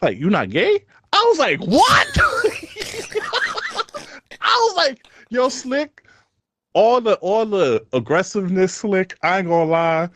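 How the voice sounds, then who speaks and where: Animated Brooklyn man telling a story. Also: sits high, measured pace. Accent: Brooklyn, New York. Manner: animated, laughs through his story, slangy street talk. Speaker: podcast co-host. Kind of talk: casual storytelling chat.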